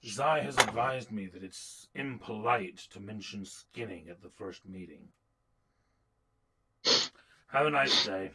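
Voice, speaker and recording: Cold, mock-courteous male official, voiced by a man; low and dry. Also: slow, pauses often, very noisy. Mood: mock-polite. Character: cold, polite male official who has prisoners skinned.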